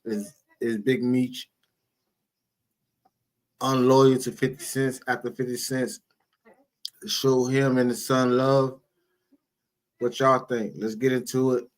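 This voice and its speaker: A man hosting a stream, opening with a hyped greeting and quick calls to like and subscribe. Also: medium pitch, flat delivery, low-quality recording. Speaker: streamer host. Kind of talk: casual reaction-stream intro.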